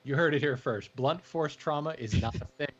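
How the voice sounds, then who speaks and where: A man's voice: a little high, moderate pace, breathy edge, highs cut off. A man co-hosting a casual podcast, reading listener mail playfully, laughing often and mocking himself. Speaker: podcast co-host.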